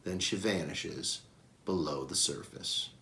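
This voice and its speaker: A man reading a children's novel aloud with expressive narration. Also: low-pitched, slow pace, gravelly. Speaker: reader. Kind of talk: storybook read-aloud.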